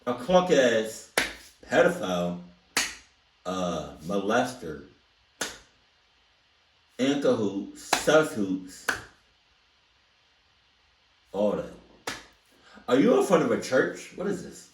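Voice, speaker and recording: A man's voice: on the low side, big pitch swings, slow pace, pauses often, noisy background. A young man hosting a reaction video, blunt, profane and incredulous in casual commentary. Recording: roomy, distant mic.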